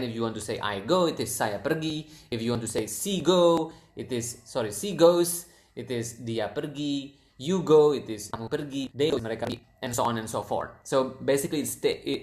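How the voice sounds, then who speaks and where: A language teacher giving a casual online lesson, repeating words slowly for listeners to practice. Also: medium pitch, a little hiss or hum. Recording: roomy echo.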